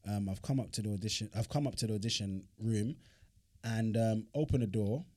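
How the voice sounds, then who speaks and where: A man's voice: lowish voice, fairly quick, darkish tone, no echo. A man, co-hosting a podcast, telling a story in casual, slangy chat, with bursts of laughter. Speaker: podcast co-host.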